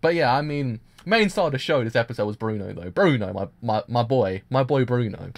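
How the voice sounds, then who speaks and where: A man streaming a live anime reaction, gushing and excitable, with many restarts and fillers. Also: medium pitch, a little fast, gravelly, few pauses. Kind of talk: casual live reaction commentary.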